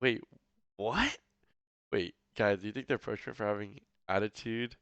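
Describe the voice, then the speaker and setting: A man's voice: on the low side, normal speed, a bit bright, clean tone, dry recording, dull audio. A man streaming a casual reaction, rambling and incredulous, with a slight lisp. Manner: rambling, incredulous, full of fillers.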